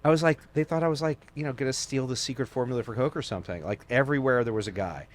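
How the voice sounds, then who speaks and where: Speaking very fast in a mid-range voice, a man guests on a podcast. His casual chat runs into long stories, animated and stuffed with "like" fillers and voices he quotes.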